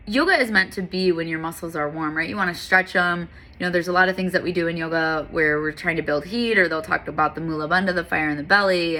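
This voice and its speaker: A woman's voice: lowish voice, sharp tone. A woman who teaches yoga, talking candidly and earnestly in a casual motivational monologue. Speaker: yoga and fitness instructor.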